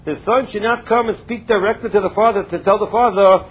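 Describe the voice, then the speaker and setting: A man's voice: high-pitched, steady tone, fairly quick, slightly rough. A man teaching a Talmud study lesson, reading Hebrew and Aramaic phrases and explaining each in plain English. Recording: tinny phone-like audio.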